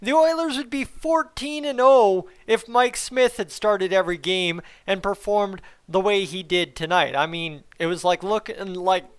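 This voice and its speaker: A middle-aged man hosting a hockey post-game review, talking in excitable, sarcastic, animated rants. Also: sits high, measured pace, hardly any pauses, clear, resonant tone. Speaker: hockey vlogger.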